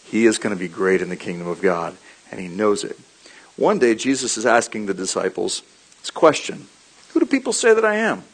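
Husky-voiced man preaching with animated stories. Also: sits low, rough recording. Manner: animated storytelling with quick laughs and repeated key lines. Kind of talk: sermon.

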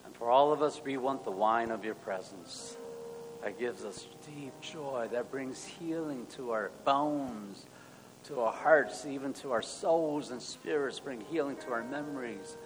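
A male pastor leading an earnest spoken prayer, moving between hushed and loud passages. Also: mid-range voice, unhurried, a little hiss or hum. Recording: long hall reverb, soft music.

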